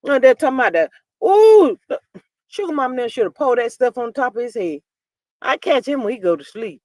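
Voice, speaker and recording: A woman hosting a casual gossip livestream, reading the chat and talking bluntly and sassily, with loud outbursts and low mutters. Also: sing-song, a little fast, no room sound. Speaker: livestream host.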